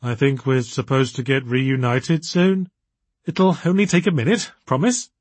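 A man's voice: medium pitch, unhurried, no room sound, close to an everyday voice. A man voicing a nervous, anxious but determined young woman in a raised, tense voice.

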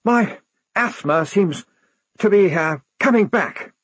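A man's voice: a little high, huge pitch swings, unhurried, a bit bright, husky, no echo, voice pushed up, heavily acted. A man voicing a fussy young male army lieutenant who wheezes with asthma and insists on giving orders. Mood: wheezing. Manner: prim, insistent officer's voice.

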